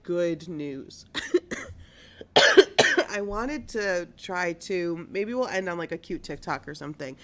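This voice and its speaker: A woman's voice: medium pitch, fairly bright tone. A woman in her thirties hosting a casual live-streamed news show from a small studio, chatty and bubbly, with a stuffy nose. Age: 30s. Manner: chatty, bubbly, lots of fillers.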